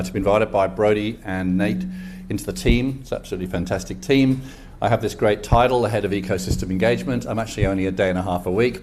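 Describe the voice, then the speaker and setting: Addressing a live audience at an event, an ecosystem engagement lead in his sixties talks in a chatty, enthusiastic, self-deprecating way. He's from England with a West Country English accent, and his medium-pitched, darkish voice comes with a little hiss or hum.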